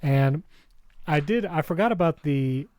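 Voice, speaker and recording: A man of Hispanic background, co-hosting a tech podcast, chats casually and reads sponsor spots with enthusiasm and quick asides. His fairly high-pitched voice is expressive with a darkish tone, and there is no room sound.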